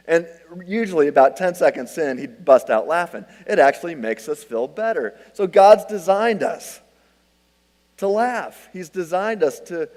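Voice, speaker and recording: A middle-aged male pastor preaching a sermon, telling self-deprecating stories in an animated way. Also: sits high. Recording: long hall reverb.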